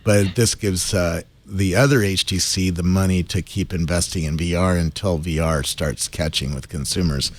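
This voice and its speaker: A man's voice: deep voice, steady tone, moderate pace, few pauses. A man on a tech panel explaining things with lots of fillers, checking in with "right?". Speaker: panel guest.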